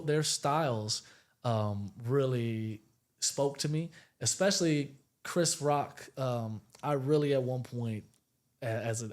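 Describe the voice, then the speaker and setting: Candid, profane male comedian. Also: a little high. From Puerto Rican roots, raised in the Bay Area. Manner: candid, profane, storytelling with lively asides. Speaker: stand-up comedian guest. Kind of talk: casual podcast interview.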